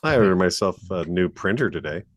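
A man's voice: sits low, animated, fairly quick, dry recording. A man co-hosting a podcast, chatting casually, laughing often and making dry, wry remarks. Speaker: podcast co-host. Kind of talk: casual chat.

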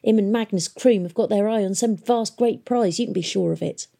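A woman's voice: mid-range voice, a little fast, gravelly, dark tone, pitched above the performer's own voice. A woman voicing a gossiping older housekeeper with a brash manner, in an audiobook. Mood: gossipy. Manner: brash, dropped aitches. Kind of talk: audiobook character voice.

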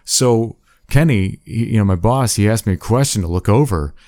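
A man telling rough work stories in casual chat, animated and swearing freely. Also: on the low side, normal speed, no echo, studio quality.

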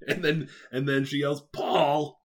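A man's voice: mid-range voice, very animated, fast, slight background noise. A man joining a casual podcast chat about a book, wry and joking as he acts out lines.

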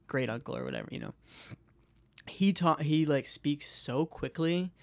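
A young adult podcast host in loose, casual chat who wanders through tangents and restarts sentences, laughing along the way. The voice sits at a middling pitch, and the sound is close and dry with no room around it. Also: moderate pace, creaky, dry recording. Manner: rambling, trails off and restarts, laughs often.

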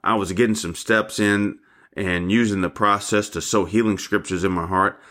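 An older man delivers a devotional sermon with fervent conviction. His voice sits somewhat low, and he calls his listeners family as a pastor would. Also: steady tone, normal speed, sharp tone.

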